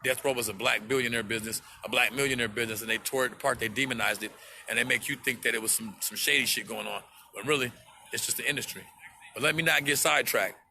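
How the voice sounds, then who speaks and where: A man's voice: medium pitch, gravelly, bright, forceful tone, a little hiss or hum. A man on a livestream, speaking to his viewers in an impassioned, profane rant and repeating himself for emphasis.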